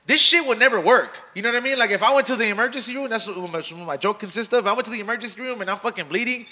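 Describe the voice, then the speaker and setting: A man with a high, quick voice hosts a casual podcast. He fires off profane slang and mixes in bits of Spanish as he chats with his guests. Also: pushed and bright. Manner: fast, profane, slangy street talk mixing in Spanish. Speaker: podcast host. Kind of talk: casual chat.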